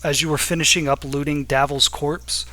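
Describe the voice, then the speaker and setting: Male game master, bright tone, casual rambling tabletop narration. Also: a little high, little pitch movement. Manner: casual, with filler words and quick asides.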